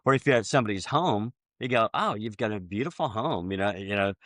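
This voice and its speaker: A man hosting a podcast, chatting casually and acting out both sides of sales conversations, with many halting restarts. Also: lowish voice, expressive, fairly bright tone, no room sound. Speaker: podcast host.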